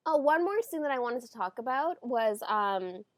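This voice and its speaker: A woman's voice: a little high, lively intonation, moderate pace, noisy background. A woman co-hosting a book podcast in casual chat, enthusiastic, with many fillers. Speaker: podcast co-host.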